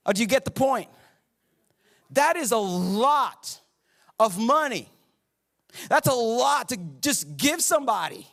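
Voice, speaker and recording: A man's voice: very high-pitched, big pitch swings, slow, vocal fry, pauses often, a bit bright. A man preaching a sermon as pastor, playful and joking with the congregation in a church auditorium.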